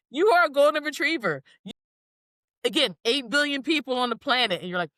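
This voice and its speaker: A woman with a slightly high voice chats casually on a podcast. She tells stories with energy and jumps into different voices whenever she quotes someone. The sound is close and dry. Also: a little fast, dry recording. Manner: animated storyteller, acts out quotes in shifting voices. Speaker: podcast co-host. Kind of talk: casual chat.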